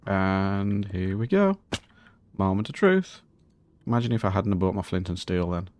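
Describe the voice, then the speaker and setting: A man's voice: low-pitched, big pitch swings, measured pace, darkish tone. A man hosting a Minecraft let's-play, chatting casually and scolding the game's mobs in a mock-posh, indignant way. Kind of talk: casual gameplay commentary.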